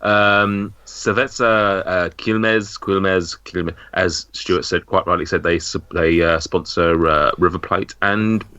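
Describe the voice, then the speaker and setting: A man with a northern English accent hosts a podcast quiz in casual chat, halting with ums and restarts. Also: low voice, fairly even intonation, bright, forceful tone, clear, resonant tone, no room sound. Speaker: podcast host running a quiz. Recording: dull lo-fi sound.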